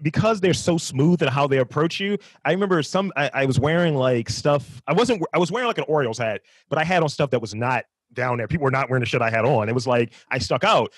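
Animated Baltimore man telling stories. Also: medium pitch, fast talker, hardly any pauses, no echo. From Baltimore, US East Coast. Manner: animated storyteller, swears, laughs. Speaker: podcast co-host. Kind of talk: casual chat.

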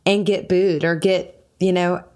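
This podcast host, also a singer, speaks at a measured pace in a lowish voice while telling a personal tale. Her chat is casual, and she acts out lines she once said in animated voices.

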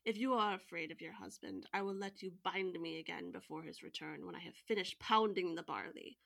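A woman voicing a cunning male raccoon-dog who talks in a sad, gentle, wheedling way. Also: medium pitch, sing-song, normal speed.

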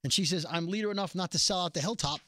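Podcast co-host, casual episode recap, sarcastic animated retelling, dead-dry close mic. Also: medium pitch, racing, no room sound.

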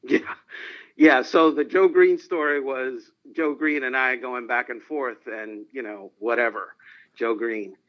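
A man's voice: mid-range voice, fairly even intonation, measured pace. A man telling anecdotes as a guest in an interview. He tells them animatedly and often laughs. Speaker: sportswriter guest. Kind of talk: phone-in interview storytelling. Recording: dull lo-fi line.

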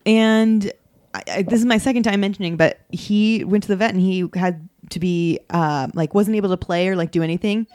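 A woman's voice: medium pitch, brisk, darkish tone, no room sound, studio quality. A woman co-host in a casual podcast chat, chatty and rambling as she tells a story.

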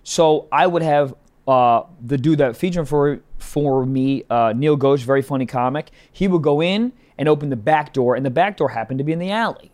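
A man, a comedian and podcast co-host, telling a story in casual chat, animated and cursing often. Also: on the high side, normal speed. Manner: animated storyteller, swears a lot.

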